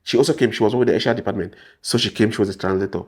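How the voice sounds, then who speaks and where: A man's voice: on the low side, rapid-fire, breathy edge. A man from Cameroon with a Cameroonian English accent, telling his story as an interview guest and acting out the people he quotes. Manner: acts out the people he quotes, shifting voice up and down. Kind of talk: animated storytelling.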